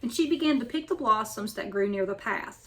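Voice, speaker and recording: A woman hosting a weekly story time, reading a picture book aloud in an even storytelling manner. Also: mid-range voice, brisk. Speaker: storyteller host.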